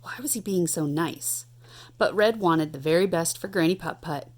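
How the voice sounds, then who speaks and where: A woman in her thirties reads a children's picture book aloud at home, animated and playful. Her voice sits a little low for a woman. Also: normal speed. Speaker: parent reading aloud. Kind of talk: storybook read-aloud.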